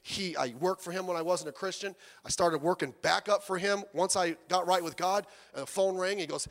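A male pastor preaching a sermon in a church, animated and conversational, acting out the people he quotes and swinging from soft asides to loud outbursts. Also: high voice, a little fast, creaky, few pauses, long reverb tail.

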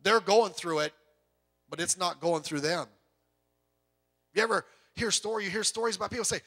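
A man's voice: high-pitched, moderate pace, pauses often, sharp tone. A male pastor preaching a sermon in a conversational way, full of rhetorical questions and joking asides.

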